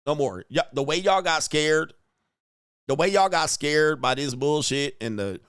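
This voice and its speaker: A middle-aged man hosting a livestream, ranting in a profane, animated way with slang and frequent laughs. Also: fairly high pitch, unhurried, clean tone, no room sound, clean studio sound. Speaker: livestream host answering superchats. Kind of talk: casual livestream rant.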